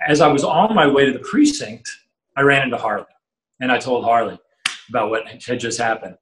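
A man's voice: medium pitch, fairly quick. Storytelling middle-aged man, roomy sound. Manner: animated storyteller acting out quoted voices, many fillers and restarts. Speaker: interview guest, musician. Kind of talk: storytelling anecdote in casual chat. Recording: roomy echo.

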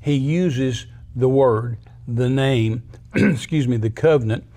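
A man's voice: medium pitch, slow, dark tone. An older man teaching from the Bible as a talk show guest, folksy and storytelling, acting out quotes in a raised voice. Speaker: guest preacher.

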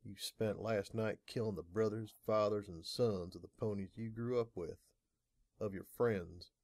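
A man voicing a calm, manipulative stallion captor who talks in an even, persuasive way in an audiobook. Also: fairly low pitch, a little slow. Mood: calm persuasion. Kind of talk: audiobook narration.

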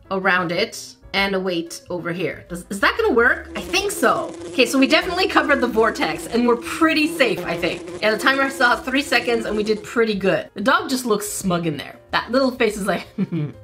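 A woman hosting a casual let's-play, giggly and excitable, talking to the game and the dog on screen. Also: a little high, normal speed, soft background music. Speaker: gaming channel host.

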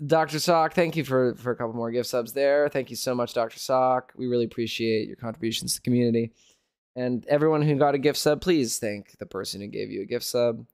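A man's voice: medium pitch, clear, resonant tone, dry recording, studio quality. A man hosting a live game stream, chatting playfully and thanking viewers. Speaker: streamer host. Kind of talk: casual live stream chat.

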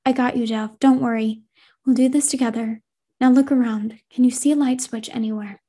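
A woman's voice: fairly high pitch, steady tone, brisk, dark tone, close to an everyday voice. A woman voicing an anxious, devoted teenage boy who talks earnestly and reassuringly in a horror story reading. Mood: urging.

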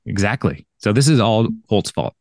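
Low-voiced man rambling through an episode recap. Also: animated, moderate pace, vocal fry, a little mellow, no room sound, studio quality. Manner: rambling, laughing, full of fillers. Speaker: podcast co-host. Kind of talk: casual chat recapping an episode.

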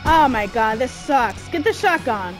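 A woman giving frustrated live commentary while playing a video game, shouting orders and complaints at the character. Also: on the high side, expressive, a little slow. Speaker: gameplay streamer. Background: game music.

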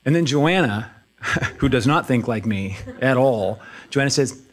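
A middle-aged man pastor speaking in a church, conversational and self-deprecating, with halting restarts. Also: medium pitch, expressive. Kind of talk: casual sermon talk.

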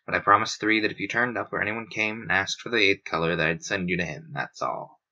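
A man reading as a deadpan, stern older manager. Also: low voice, quick pace, heavily acted. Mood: guarded. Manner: deadpan, clipped. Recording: dull lo-fi recording.

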